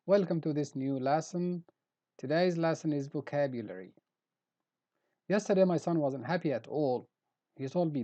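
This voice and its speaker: A man's voice: a little high, normal speed, long pauses, dark tone. A middle-aged man teaching English vocabulary, carefully repeating each word to show the stressed syllable. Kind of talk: pronunciation lesson. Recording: dull lo-fi recording.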